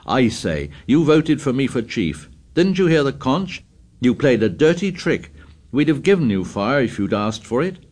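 A man's voice: medium pitch, big pitch swings, measured pace, voice pushed up. A man voicing an earnest young boy leader, speaking in a raised, insistent tone. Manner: raised, insistent, forceful delivery.

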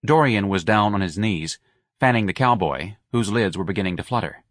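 A man narrating an audiobook in a wry, measured storytelling manner, recorded on a close studio mic. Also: fairly low pitch, animated, dry recording.

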